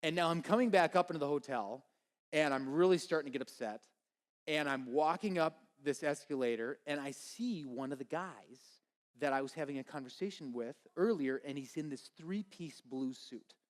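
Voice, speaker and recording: Preacher, man in his 30s, slightly high voice, spins a funny story at the pulpit and acts out each voice. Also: normal speed. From Minnesota. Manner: animated, comic storytelling with quoted voices. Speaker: pastor. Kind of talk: sermon storytelling.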